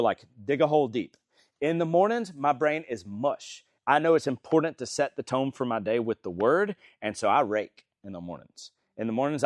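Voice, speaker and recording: A man leads a Bible study in an easygoing, conversational way, tossing questions to the group. His voice sits a little high for a man, with a dry, close sound. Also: no echo. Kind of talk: casual teaching talk.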